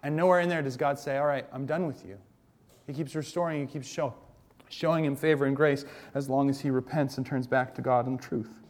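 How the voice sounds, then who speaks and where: A man preaching a sermon as a pastor, telling the stories in a conversational, animated way. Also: mid-range voice, fairly quick.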